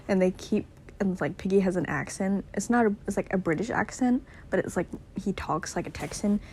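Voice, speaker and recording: A woman's voice: fairly low pitch, steady tone, normal speed, a little mellow, slight background noise. A teenage girl casually summarizing a book, rambling and jokey, with many "like"s. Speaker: student doing a book summary. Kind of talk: casual chat.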